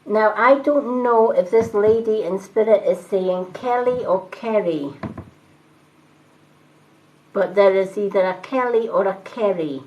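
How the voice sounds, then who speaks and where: Woman, tarot reader, unhurried delivery, mid pitch, reassuring, dull lo-fi stream audio. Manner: calm, reassuring, greets viewers by name. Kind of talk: live-stream card reading.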